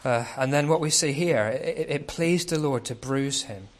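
A man's voice: mid-range voice, moderate pace. A man preaching a sermon as a pastor, speaking conversationally and often asking rhetorical questions.

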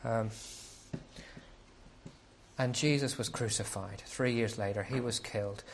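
A man's voice: on the low side, fairly even intonation, measured pace, a little hiss or hum. A man preaching a sermon as a pastor, speaking conversationally and often asking rhetorical questions.

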